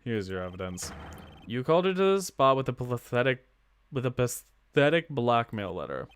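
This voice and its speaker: A man's voice: medium pitch, sing-song, normal speed, smooth, close to an everyday voice. A man voicing a cold, haughty male prosecutor in stern, clipped, condescending game dialogue. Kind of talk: game dialogue read-along.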